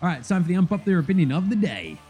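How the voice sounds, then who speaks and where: A man with an Australian accent hosting a sports podcast, talking excitedly in casual commentary, laughing and swearing freely. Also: high voice, racing, soft background music.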